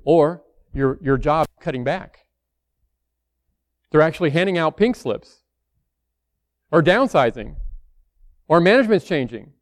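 A man's voice: on the high side, lively intonation, measured pace, long pauses, no room sound, studio quality. A man preaching a sermon in a conversational way, acting out the worried voices of church members.

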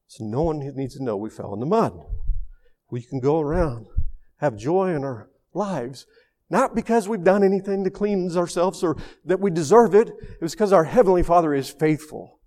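Male preacher, slightly higher voice, sermon storyteller shifting from emphatic to hushed. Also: sing-song, moderate pace. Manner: storytelling, swings from raised emphatic to hushed soft delivery.

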